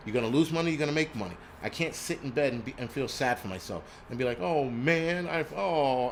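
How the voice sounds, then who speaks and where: A man's voice: mid-range voice, a little hiss or hum. A man from New York City hosting a prepping live stream, ranting angrily and bluntly with lots of swearing, restarts and stammers. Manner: angry, profane and blunt, with many restarts and stammers.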